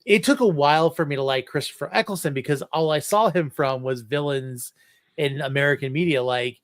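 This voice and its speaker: A man's voice: a little high, a little fast, dry recording, studio quality. A man in his thirties hosting a casual fan podcast, rambling with many restarts and fillers. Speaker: podcast host. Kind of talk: casual chat.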